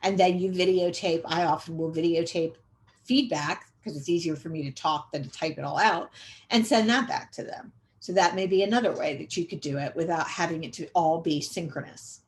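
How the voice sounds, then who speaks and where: Woman, middle-aged, lowish voice, training lecture, conversational, repeats for emphasis, frequent um fillers. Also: brisk. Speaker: autism education trainer. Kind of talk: recorded training webinar lecture.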